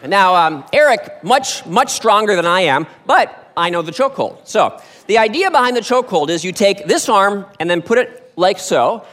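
A man speaking on stage in a large hall, telling a story with lively swings in his voice and acting out each person in it. His voice sits high for a man, and a long reverb trails each phrase. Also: normal speed.

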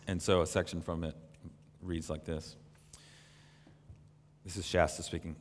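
A man preaching a sermon in an earnest, measured way, reading from a story. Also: low voice, flat delivery, slight background noise. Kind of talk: sermon with read-aloud story. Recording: long reverb in a large hall.

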